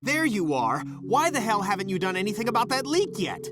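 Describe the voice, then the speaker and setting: A man's voice: sits high, very animated, brisk. An actor voicing an irritable, bossy male scientist in a video game, snapping insults and then grudgingly apologizing. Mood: angry. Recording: game audio with background noise.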